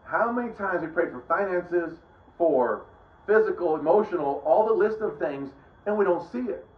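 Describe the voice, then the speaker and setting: In a roomy, dull lo-fi recording, a middle-aged preacher offers a casual Bible teaching. His voice is high-pitched and animated, at a moderate pace. He rambles conversationally, often breaking off sentences and beginning them again.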